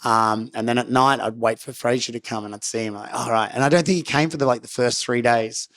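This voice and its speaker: A man's voice: mid-range voice, fairly quick, fairly bright tone. A middle-aged Australian man with an Australian accent, telling stories as a guest in a casual interview, rambling with lots of "like" and acted-out quotes. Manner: rambling, laid-back, lots of "like" and quoted self-talk.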